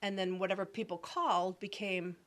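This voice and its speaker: A middle-aged woman on a talk show, telling stories in a lively, chatty way. She acts out the people in her anecdotes with different voices, in an easy, conversational manner. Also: medium pitch, a little fast. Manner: animated storyteller who acts out voices. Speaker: guest, real estate agent. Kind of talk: casual interview storytelling.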